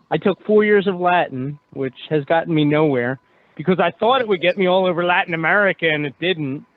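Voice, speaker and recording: A man's voice: sits high, dry recording. A man from Philadelphia hosting a radio call-in panel, chatting casually and laughing easily. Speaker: radio show host. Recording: tinny phone line with faint noise.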